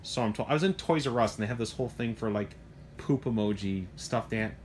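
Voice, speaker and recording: A man's voice: lowish voice, fairly quick, a little hiss or hum. A middle-aged man who runs a hobby shop, talking casually and with animation about a truck he sells, rambling through asides and mild cursing. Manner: animated, rambling, swears mildly, lots of asides. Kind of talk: casual product talk.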